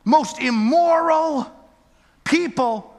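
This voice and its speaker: A man preaching a storytelling sermon, swinging from quiet asides to near-shouting. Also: very high voice, very slow, gravelly. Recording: echoey large hall.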